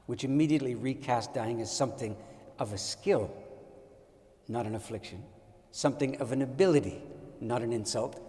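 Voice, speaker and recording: An older man who teaches at his own school tells a reflective story in a wry, deliberate, digressive way. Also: medium pitch, mellow, long reverb tail.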